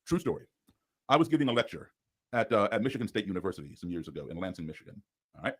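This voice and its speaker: A man's voice: on the low side, big pitch swings, racing, slightly rough. A man speaking as a podcast guest, explaining earnestly and telling stories, often checking in with "okay?". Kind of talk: podcast conversation.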